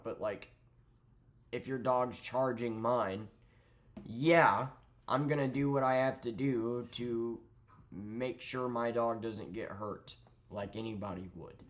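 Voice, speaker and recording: A man's voice: fairly low pitch, steady tone, slow. A young man ranting sarcastically about a neighbor, swearing freely. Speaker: vlogger. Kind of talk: ranting storytime.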